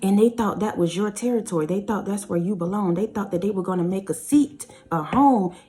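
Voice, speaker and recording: A woman's voice: medium pitch, dark tone, soft background music. Emphatic woman preaching a spiritual reading. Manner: emphatic, preachy, drawn-out phrases. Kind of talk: spiritual reading commentary over song lyrics.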